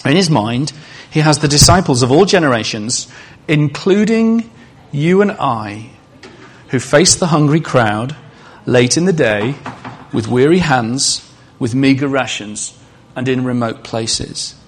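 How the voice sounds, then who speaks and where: A man's voice: mid-range voice, lively intonation, a little slow, breathy edge. A male preacher giving a sermon in a conversational way, asking the congregation questions and adding humorous asides.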